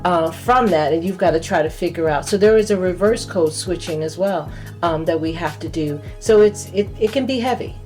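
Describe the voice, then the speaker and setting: A woman who grew up in California, a podcast guest telling a personal story in a lively, laughing way. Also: lowish voice, normal speed, soft background music. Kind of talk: casual storytelling.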